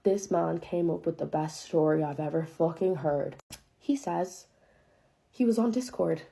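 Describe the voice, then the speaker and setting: A woman's voice: low voice, measured pace, creaky, warm tone. A young woman telling a dramatic personal story in a casual, profane way, full of filler words and disbelief. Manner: profane, chatty, heavy use of filler "like"; incredulous, dramatic retelling.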